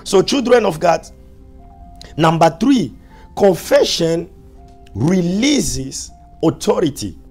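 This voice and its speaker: A male pastor preaching a sermon, repeating his points with emphasis and dropping to soft, low asides. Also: breathy edge.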